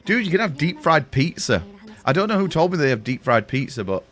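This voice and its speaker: Very animated and fairly quick, this young streamer has a fairly high, bright voice, with faint music in the background. He's gaming live, rambling, cursing, and telling stories to friends in casual chat.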